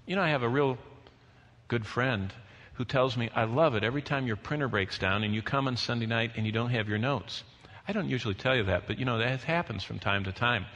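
A man's voice: mid-range voice, a bit bright. A man preaching a sermon as pastor, earnest and emphatic, building lists of phrases. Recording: long hall reverb.

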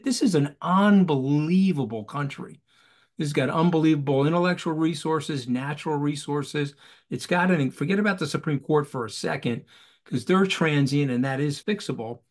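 A man joins a video call as an interview guest, his pitch pitched a touch high for a male speaker. In lively interview talk, he argues emphatically and rhetorically, repeating phrases to hammer each point home.

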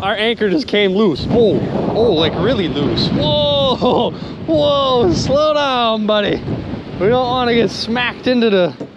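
An excitable man narrates his magnet fishing finds from a boat on a river, talking straight to his viewers. His pitch swoops widely as he exclaims over each catch, and boat and water noise is clearly heard behind him. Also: lo-fi sound. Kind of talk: excited outdoor vlog narration.

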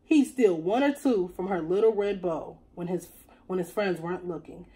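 A woman teacher reading a picture book aloud to young children in an expressive storytelling voice. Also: on the low side, moderate pace, poor audio.

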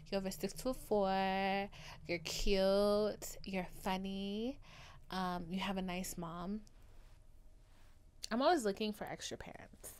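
Overdramatic playful woman podcaster. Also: mid-range voice. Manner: overdramatic and playful, swinging from hushed asides to loud declarations. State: loopy and tired late at night. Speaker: podcast host. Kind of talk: casual solo podcast chat.

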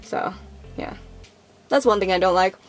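A woman's voice: mid-range voice, moderate pace, soft background music. A young woman vlogging casually to the camera, rambling with lots of fillers and acting out how people reacted.

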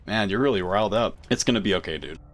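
This streamer's lowish voice comes quickly as he comments on his game, cracking jokes, swearing and trash talking. Slight background noise sits under the recording.

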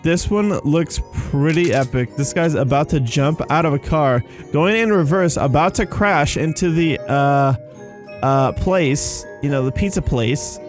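A young man giving casual, rambling commentary on his game, excitable and tired, with faint music behind him. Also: fairly high pitch, measured pace. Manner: excitable, rambling, says "dude" and "you guys". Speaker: gaming YouTuber.

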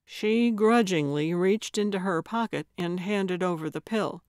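Slow, measured woman audiobook narrator. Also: lowish voice, darkish tone, no echo, studio quality. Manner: measured storytelling. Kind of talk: scripted narration.

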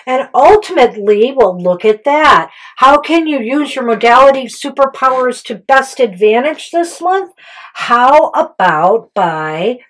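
Chatty higher-voiced woman reading tarot. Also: expressive, unhurried, poor audio. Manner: chatty, loose, with many fillers and self-corrections. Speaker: tarot reader and co-host. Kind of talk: casual tarot reading chat.

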